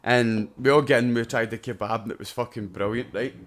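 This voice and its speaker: A man's voice: mid-range voice, steady tone, brisk, slight background noise. Man, Scottish accent, podcast co-host, casual storytelling, sweary, laughs easily. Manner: swears freely, loud and laughing while telling anecdotes.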